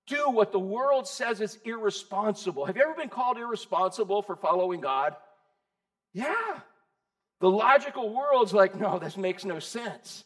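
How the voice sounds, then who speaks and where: A man preaching a sermon as pastor, lively and conversational, asking his congregation questions. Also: high-pitched. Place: church.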